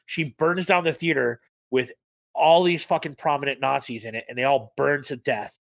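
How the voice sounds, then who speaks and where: A man's voice: medium pitch, moderate pace, vocal fry, no echo. A man co-hosting a podcast, talking about movies with energy and plenty of swearing. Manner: enthusiastic, profane, quotes scenes in put-on voices. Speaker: podcast co-host. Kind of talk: casual film chat.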